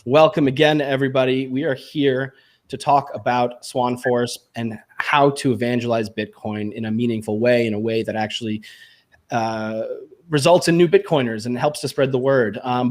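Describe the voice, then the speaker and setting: A man's voice: mid-range voice, darkish tone. A man hosting a podcast, upbeat and jokey, poking fun at himself. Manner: upbeat, jokey, self-deprecating. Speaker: podcast host. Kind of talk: enthusiastic show intro and casual chat.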